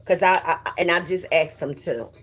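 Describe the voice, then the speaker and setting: Husky chatty woman livestreaming. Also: fairly low pitch, normal speed. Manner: chatty and profane, greets viewers by name. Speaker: livestream host. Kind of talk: casual livestream chat.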